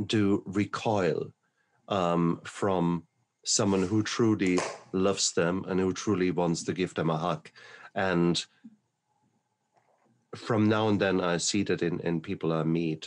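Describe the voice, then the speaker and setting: A man from New Zealand hosting a podcast interview, talking thoughtfully and searching for his words as he goes. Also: low-pitched. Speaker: podcast host. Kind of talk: conversational interview.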